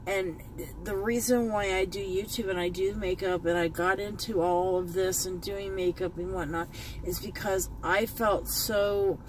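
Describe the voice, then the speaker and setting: A woman's voice: mid-range voice, a little hiss or hum, poor audio. A woman beauty vlogger talking in a heartfelt, rambling way from her car, choked up at times and repeating herself. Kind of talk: emotional commentary vlog. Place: in a parked car.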